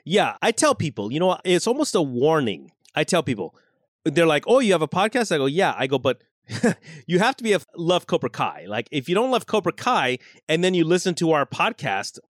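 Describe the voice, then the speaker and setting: A man co-hosting a podcast in casual chat, agreeable and lively, often laughing as he talks. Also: fairly high pitch, brisk, no room sound, clean studio sound. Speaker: podcast co-host.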